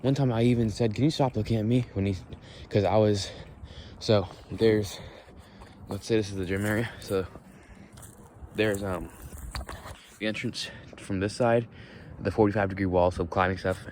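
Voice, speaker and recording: Young guy rambling on a dusk walk, low mellow voice, swears a lot, faint street noise behind. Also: steady tone, normal speed. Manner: rambling, blunt and profane, frequent restarts. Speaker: podcast host. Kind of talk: casual walk-and-talk monologue.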